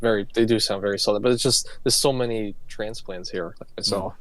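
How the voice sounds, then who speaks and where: A man's voice: lowish voice, steady tone, a little fast, dry recording. A man hosting a casual chat reacting to his old videos, from New York, laughing often and poking fun at himself. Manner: laughs often, self-mocking. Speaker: host.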